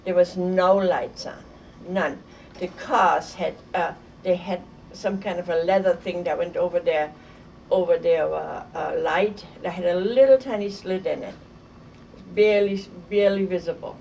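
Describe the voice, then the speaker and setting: An older woman from Germany telling a vivid, halting story from her childhood in an oral history interview. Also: on the low side, steady tone, creaky, a little mellow. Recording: distant mic with faint noise.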